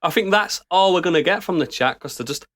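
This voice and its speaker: Bright, animated man full of banter. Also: high voice, quick pace. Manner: banter, mimics accents, laughs. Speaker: podcast co-host. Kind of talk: casual chat.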